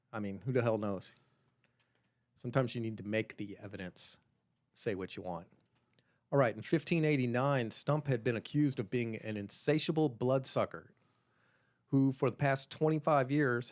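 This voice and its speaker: A man co-hosting a podcast, wryly and irreverently retelling a dark story in casual chat. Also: mid-range voice. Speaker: podcast co-host.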